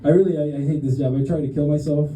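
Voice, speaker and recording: A man's voice: on the high side, steady tone, rapid-fire, warm tone. A young man doing a stand-up set on a club stage, rambling and self-deprecating, laughing at his own jokes. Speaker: stand-up comedian. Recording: roomy club stage sound.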